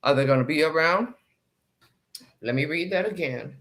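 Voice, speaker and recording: A woman's voice: low-pitched, lively intonation, normal speed, fairly bright tone. A woman hosting a casual live stream chat, greeting viewers by name and speaking emphatically, often repeating phrases.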